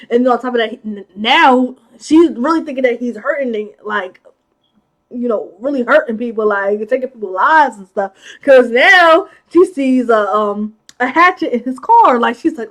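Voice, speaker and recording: A woman with a high voice gives a casual movie recap. She chats in an animated way and pads her sentences with "like". She laughs a lot as she goes. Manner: animated, chatty, laughs often, acts out characters' lines; many filler "like"s. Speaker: movie commentary host.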